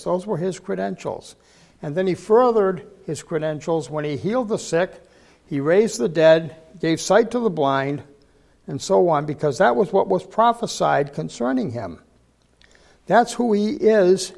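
A man's voice: sits high, vocal fry, a little mellow. An older man preaching a sermon, telling folksy stories and repeating words for emphasis.

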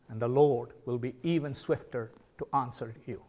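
A man preaching a sermon, earnest, with sudden loud emphatic calls. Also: medium pitch, steady tone, normal speed.

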